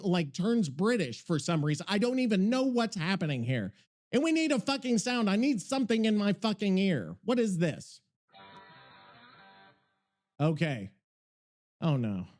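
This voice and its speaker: A man's voice: high-pitched, darkish tone. A man hosting a podcast in casual chat, rambling, profane and easily worked up. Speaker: podcast host.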